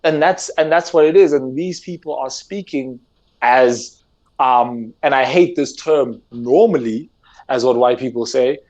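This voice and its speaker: A man's voice: mid-range voice, unhurried, a little mellow, lo-fi sound. A man from South Africa with a South African English accent, talking earnestly and animatedly in a casual discussion, often repeating words as he presses his point. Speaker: podcast guest, gamer.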